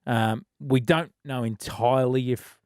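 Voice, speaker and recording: A man reporting news on a sports radio panel, earnest and halting, with many fillers. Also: mid-range voice, fairly even intonation, darkish tone, clear, resonant tone, dry recording, studio quality.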